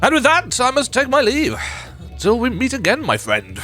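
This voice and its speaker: A courtly male cook who loves his corn and talks in grand, old-fashioned phrases, as a man puts him on. The voice sits high and swoops far up and down from word to word. Faint game music plays underneath. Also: huge pitch swings, moderate pace, sharp tone, heavily acted. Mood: fond farewell.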